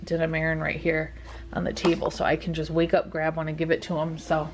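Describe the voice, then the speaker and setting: A woman's voice: low voice, completely flat delivery, fairly quick, noisy background. Tired, rambling woman vlogger. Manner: chatty and rambling, many ums. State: tired and yawning. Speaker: dog channel vlogger. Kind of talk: casual chat to viewers. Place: at home.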